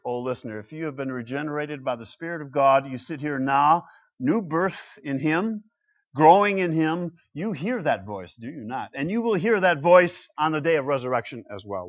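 A man preaching a sermon to his congregation, asking rhetorical questions and swinging from loud declarations to hushed asides. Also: on the high side, lively intonation, normal speed. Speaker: pastor. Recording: muffled lo-fi sound.

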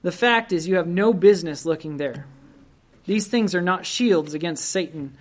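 An earnest preacher gives a sermon at an unhurried, deliberate pace. The voice sits at a middling pitch and exhorts listeners directly. Quoted verses come out raised and emphatic.

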